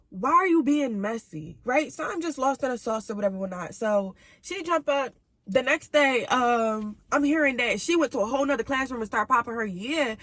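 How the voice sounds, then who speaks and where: A young woman tells a casual storytime straight to her viewers in a fairly high voice, full of slang. Her delivery is animated and jumps between high and low pitches. The sound is close and dry, with no room around it. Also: no echo. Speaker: vlogger.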